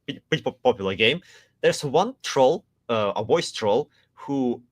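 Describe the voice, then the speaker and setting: A man's voice: medium pitch, expressive, unhurried, no room sound, studio quality. A man co-hosting a casual livestream, rambling with lots of fillers and restarts. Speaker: co-host, marketing officer.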